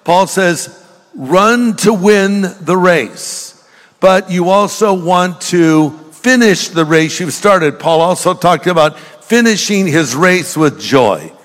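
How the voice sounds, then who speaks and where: An older pastor preaches in a church with the long reverb of a large hall, telling jokes and stories and addressing the congregation directly. His voice is fairly high, expressive, and fairly bright, slow yet with hardly any pauses.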